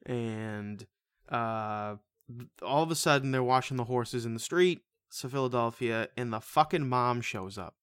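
A man co-hosting a casual movie review podcast, rambling and swearing freely as he retells plots with animated energy. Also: medium pitch, measured pace, clear, resonant tone, no room sound, clean studio sound. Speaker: podcast co-host.

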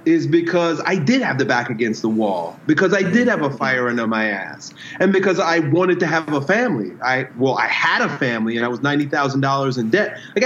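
Guy coach talking slow and thoughtful in an interview, kinda high voice, echoey room. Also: a bit bright, slight background noise. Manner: reflective, explains with metaphors and personal stories. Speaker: strength coach, guest. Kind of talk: casual conversational interview. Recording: roomy, slightly dull sound.

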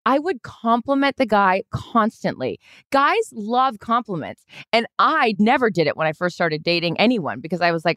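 A woman's voice: mid-range voice, big pitch swings, normal speed, fairly bright tone, no room sound. Woman, podcast co-host, joking, rambling, swears freely, dry close recording. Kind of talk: casual chat.

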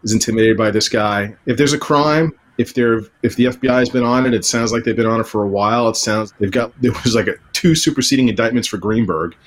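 A man's voice: mid-range voice, fast, few pauses. A man appearing as a lawyer guest on a talk panel, giving frank, opinionated takes drawn from his courtroom experience. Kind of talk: casual panel discussion.

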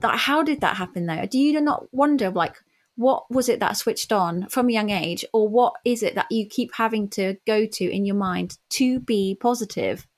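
A woman's voice: medium pitch, moderate pace. A woman hosting a podcast interview, reflective and thinking aloud as she asks her questions. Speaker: podcast host. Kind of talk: casual interview chat.

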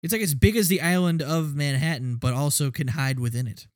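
A man's voice: on the high side, brisk, no room sound. A man co-hosting a casual podcast, joking around and laughing often between remarks. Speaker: podcast co-host, engineer. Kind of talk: casual chat.

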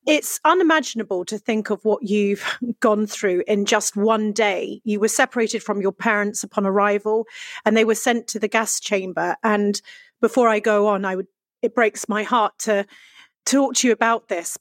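A woman hosts an interview and asks gentle, heartfelt questions with open sympathy. Her voice sits at a medium pitch. The recording is dry and close, with no room sound. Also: no echo. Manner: warm, emotionally open questioning. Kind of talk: podcast interview.

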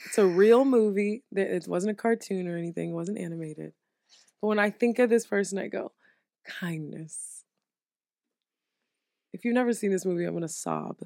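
A young woman hosting a casual studio chat, animated and swearing freely between laughs. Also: medium pitch, fast talker, no echo. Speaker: podcast host.

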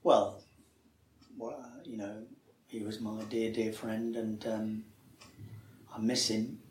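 A man tells a showbiz anecdote in a chatty, animated way. He slips into quoted voices and laughs along with the story. The room around him is echoey. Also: lowish voice, slow, a little hiss or hum. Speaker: actor guest. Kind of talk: anecdotal interview chat.

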